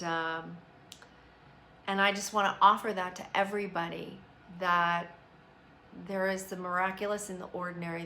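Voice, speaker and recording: A woman's voice: lowish voice, bright, forceful tone, a little hiss or hum. A woman hosting a live stream, talking earnestly and reflectively about meditation and positive thought, with loose fillers. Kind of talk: casual spiritual self-help talk.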